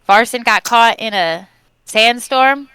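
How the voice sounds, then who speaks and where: Woman player, hesitant recap delivery, crisp bright tone. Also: on the high side, slow pace, no room sound, low-quality recording. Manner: hesitant, unsure of names. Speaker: player giving a session recap. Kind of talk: casual recap.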